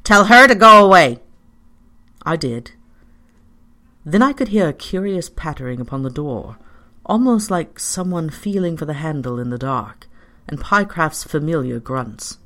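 A storyteller reading a story aloud in the first person, in a measured and expressive way. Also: mid-range voice. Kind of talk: scripted narration of a story.

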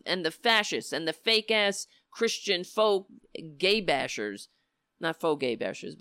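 Woman talk host, lower voice, dry close mic, rambling and heartfelt delivery. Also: a bit bright, clear, resonant tone, dry recording. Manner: emotional, rambling, trails off and restarts. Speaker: host of a political talk show. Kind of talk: casual livestream commentary.

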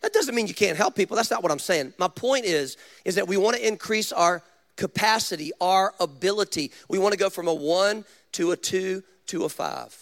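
A man, a pastor, preaching a sermon with animated storytelling and direct questions to the congregation. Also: high-pitched, normal speed.

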